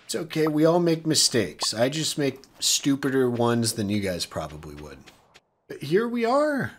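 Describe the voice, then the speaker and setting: A man's voice: medium pitch, very animated, normal speed, a little hiss or hum. Chatty man narrating his gameplay. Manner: chatty, upbeat, self-deprecating. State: losing his voice. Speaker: let's play host. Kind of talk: casual gameplay commentary. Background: faint game music.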